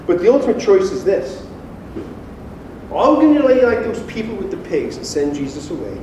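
High-voiced man preaching in an echoey hall. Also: normal speed, slight background noise. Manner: animated and informal, acts out quoted voices. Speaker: pastor. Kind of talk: casual conversational sermon. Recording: echoey hall, distant mic.

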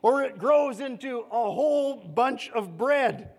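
High-voiced male pastor in reverberant hall. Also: animated, takes it slowly. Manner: conversational, dropping to soft quiet phrases, frequent "okay?". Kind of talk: sermon. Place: church.

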